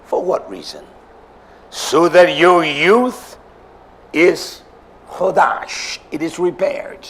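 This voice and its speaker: A male preacher delivering an emphatic sermon, swinging between shouts and low murmurs and repeating phrases for emphasis. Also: drawn-out words, pauses often.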